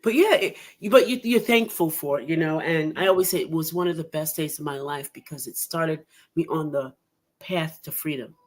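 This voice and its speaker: A woman's voice: deep voice, moderate pace. A woman hosting a podcast in casual chat, telling her story with lots of laughter and acted-out quotes. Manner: animated storyteller who laughs often and acts out quotes. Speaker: podcast host.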